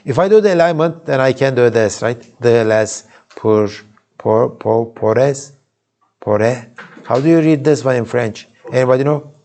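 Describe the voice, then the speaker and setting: A man's voice: medium pitch, a little fast, mellow. A man with a Turkish accent giving a university lecture in a casual way, often restarting sentences and checking in with students. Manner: informal, many restarts and asides to students. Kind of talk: classroom lecture. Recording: recorded live in a lecture hall.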